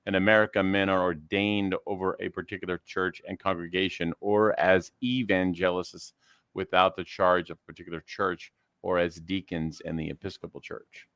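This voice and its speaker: A man co-hosting who reads dictionary entries aloud in a hesitant, halting way. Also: low voice, little pitch movement, fairly bright tone, dry recording, muffled recording. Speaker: co-host.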